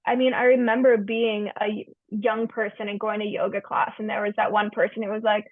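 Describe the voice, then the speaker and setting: A woman's voice: mid-range voice, level tone, brisk, dry recording. A woman counselor and yoga teacher explaining breathwork as an interview guest, earnest with easygoing slang. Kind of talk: casual interview talk. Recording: tinny phone-like line, dry.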